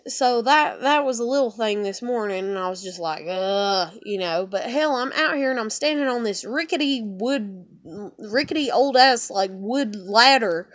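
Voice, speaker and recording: Young woman vlogger, high-pitched, venting angrily with lots of swearing. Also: a bit bright, no room sound, clean studio sound. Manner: profane, rambling, heated. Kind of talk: angry venting monologue.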